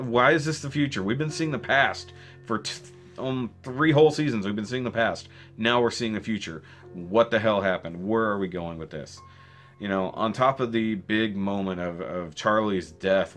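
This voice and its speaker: A man recapping a show in a casual spoken review, rambling and excitable, with restarts and rhetorical questions. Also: on the low side. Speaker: video reviewer.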